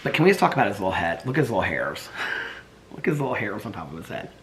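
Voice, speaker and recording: Man vlogging from home, cooing baby talk to his dogs, loose rambling asides, very animated voice. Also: fairly low pitch, fast, a little hiss or hum. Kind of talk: casual daily vlog. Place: home, indoors.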